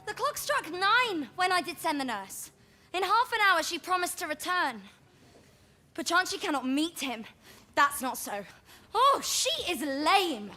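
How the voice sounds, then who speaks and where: A woman's voice: high voice, sharp tone, heavily acted. Impatient, lovestruck young girl. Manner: eager, impatient. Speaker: actor. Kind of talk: stage acting in a Shakespeare play. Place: large open-air theatre stage.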